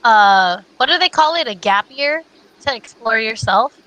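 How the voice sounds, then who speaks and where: High animated woman co-host. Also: measured pace, a little hiss or hum, low-quality recording. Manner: playful, animated. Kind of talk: casual group chat.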